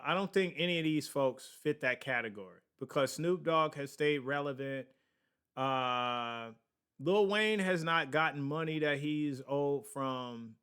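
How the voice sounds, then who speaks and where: Slow, rambling male podcast host. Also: medium pitch, bright, forceful tone, smooth. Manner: rambling, digressive, laughs at himself; slow, drawn-out delivery with many fillers. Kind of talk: casual finance talk on a livestream.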